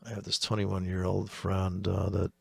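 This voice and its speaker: A man's voice: sits low, completely flat delivery, moderate pace, gravelly, breathy edge, no room sound. A man from the United States giving rambling, profane, sarcastic commentary on the markets as host of a trading channel.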